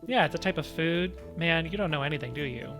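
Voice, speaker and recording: A man voicing a rude, grumpy male monster in a game, talking gruffly and swearing in slangy speech, with game music behind. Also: a little high, lively intonation, fast talker, natural voice. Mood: irritable. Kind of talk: reading game dialogue aloud.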